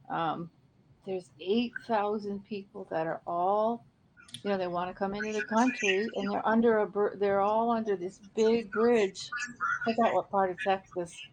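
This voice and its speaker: A woman's voice: mid-range voice, noisy background. A chatty woman from New England on a live stream, laughing often. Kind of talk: casual live-stream chat.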